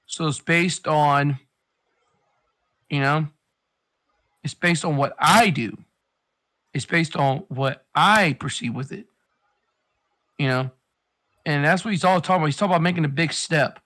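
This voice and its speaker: A man's voice: fairly high pitch, fairly bright tone. A man in casual chat, rambling and swearing as he hands out life advice. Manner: rambling, profane, advice-giving.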